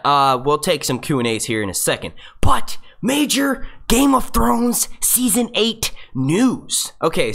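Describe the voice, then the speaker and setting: Lively, rambling young man streaming live. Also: fairly high pitch. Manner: rambling, profane, laughs at his own slips. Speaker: YouTube host. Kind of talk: casual live-stream chat.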